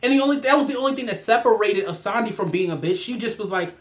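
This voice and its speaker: A woman's voice: mid-range voice, expressive, fast, few pauses. A woman giving a ranting review in a vlog, sassy and profane as she vents. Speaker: show reviewer.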